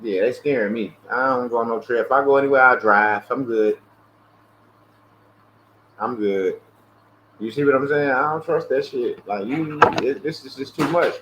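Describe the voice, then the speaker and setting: Animated, cursing man on a livestream. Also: medium pitch, a little fast, few pauses. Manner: animated, profane, acts out both sides of phone calls. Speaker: livestream host. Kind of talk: casual livestream rant. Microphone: earpiece or headset. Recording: dull lo-fi stream audio with faint hiss.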